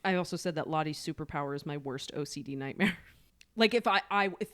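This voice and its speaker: A woman co-hosting a casual book podcast, chatty and quick to laugh, often restarting her sentences. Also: sits low, a bit bright. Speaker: podcast co-host.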